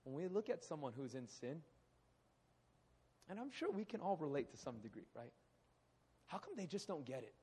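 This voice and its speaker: A man in his thirties preaching a sermon in a hall, animated, often acting out quoted voices. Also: on the high side, normal speed, long pauses, breathy edge. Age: 30s. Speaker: pastor. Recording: echoey hall.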